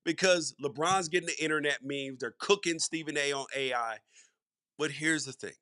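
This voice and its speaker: A man's voice: on the high side, moderate pace, pushed and bright, no room sound, studio quality. A middle-aged man hosting a sports podcast, giving solo commentary in a conversational, emphatic way and repeating words for stress. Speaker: podcast host.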